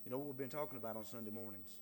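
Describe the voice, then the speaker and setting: A man's voice: mid-range voice, rapid-fire, a little mellow, long reverb tail, slight background noise. A man preaching a sermon as pastor, reading scripture and driving points home by repeating phrases to the congregation. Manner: emphatic preaching, repeats phrases, addresses brethren.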